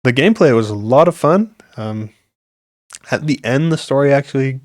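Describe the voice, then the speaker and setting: A man's voice: medium pitch, lively intonation, normal speed, no echo, clean studio sound. A young man hosting a podcast, rambling on earnestly in a casual chat, with many fillers. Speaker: podcast host.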